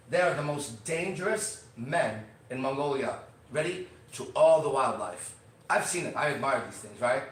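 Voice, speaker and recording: Fiery, swearing male podcast host. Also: far from the mic. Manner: intense, swearing, swings between shouting and low murmurs. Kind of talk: fiery motivational podcast rant. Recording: echoey room, voice from off mic.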